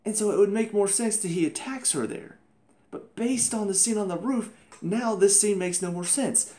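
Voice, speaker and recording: A man's voice: sits high, normal speed, warm tone. Exasperated man ranting in a TV review. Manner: exasperated, ranting, mocking characters in put-on voices. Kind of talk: casual spoken review.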